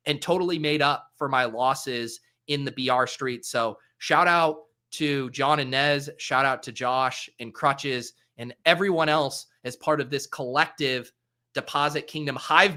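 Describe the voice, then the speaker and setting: A man hosting a casual solo recap, chatty and upbeat, with frequent "uh" fillers and quick self-corrections. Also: medium pitch, sharp tone. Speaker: fantasy sports host.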